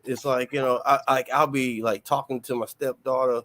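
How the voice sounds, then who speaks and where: A man's voice: medium pitch, little pitch movement, moderate pace, pushed and bright. A man co-hosting a comedy podcast, telling family stories with laughing exasperation. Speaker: podcast co-host. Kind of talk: casual comedy podcast chat.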